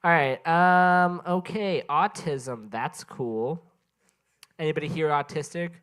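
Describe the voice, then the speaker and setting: Tired rambling open mic comic. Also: male voice, on the high side, takes it slowly, a bit bright, clear, resonant tone. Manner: rambling, self-interrupting, chatting with the crowd. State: sleep-deprived and tired. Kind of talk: stand-up comedy set. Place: small indoor open mic venue.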